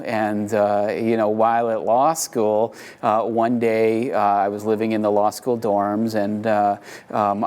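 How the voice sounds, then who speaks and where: A man speaks earnestly in an interview and keeps his pitch low and level, with little rise and fall. He stops and restarts often and fills the gaps with "uh" and "you know". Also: darkish tone. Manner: earnest, many fillers and restarts. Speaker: animal shelter reform advocate, interviewee. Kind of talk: interview answers.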